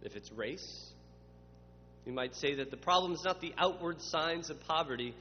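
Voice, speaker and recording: A man's voice: a little high, normal speed, faint music behind. A man preaching a sermon, building to emphatic spoken lists. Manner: dramatic voices for quoted questioners, builds to emphatic lists. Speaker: pastor. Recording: muffled, with long reverb and faint hum.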